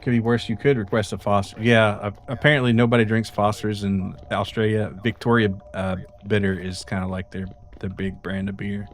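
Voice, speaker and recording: A man's voice: fairly low pitch, level tone, a little fast, hardly any pauses. A man streaming a game, chatting casually with laid-back, mumbled asides. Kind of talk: casual chat while gaming. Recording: hissy stream audio with clicks.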